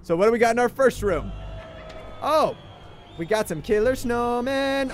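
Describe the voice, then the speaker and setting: A young man streaming a game, excitable, swinging between shouting at the game and grumbling. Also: extremely high pitch, measured pace, long pauses, over music. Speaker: gaming livestreamer. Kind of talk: livestream gameplay commentary.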